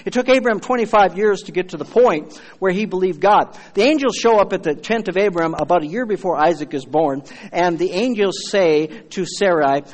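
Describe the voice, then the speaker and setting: A man's voice: fairly high pitch, long reverb tail. A man preaching a sermon as pastor, fervent and emphatic, calling out to his congregation.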